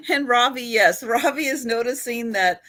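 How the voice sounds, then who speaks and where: A woman's voice: on the high side, pushed and bright. A woman hosting a live online sale, chatty and giggly, laughing between her remarks. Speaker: host of an online photo sale. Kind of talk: live-stream sale chat.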